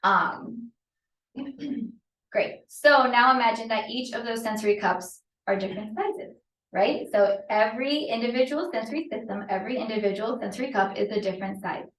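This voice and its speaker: A woman's voice: a little high, normal speed. A woman occupational therapist giving an informal teaching talk to parents, conversational, with frequent fillers and "right?" check-ins. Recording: roomy, from a distance.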